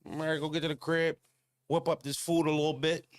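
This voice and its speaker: A man's voice: fairly high pitch, flat delivery, quick pace, no room sound. A man hosting a casual walking livestream, talking bluntly and profanely, rambling with lots of fillers and answering viewers' comments. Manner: talks back to viewer comments. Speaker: channel host.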